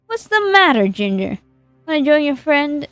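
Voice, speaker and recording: A woman's voice: high voice, very animated, normal speed, a bit bright, dry recording, clean studio sound, soft background music, voice pushed up. A woman voicing a sinister, mocking female captain of the guards in a game, who barks orders and taunts. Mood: taunting. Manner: taunting, barking orders, drops an attempted accent.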